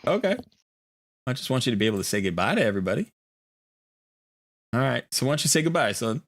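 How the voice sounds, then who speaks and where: A man's voice: medium pitch, very animated, fast, fairly bright tone. A man streaming a video game live, talking casually in a rambling, easygoing way and often correcting himself.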